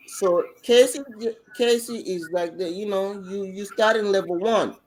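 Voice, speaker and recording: A man co-hosting a podcast, telling the story in an excitable, slangy way, full of restarts. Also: high voice, a little slow, few pauses, low-quality recording. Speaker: podcast co-host. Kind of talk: casual chat recapping a battle rap event.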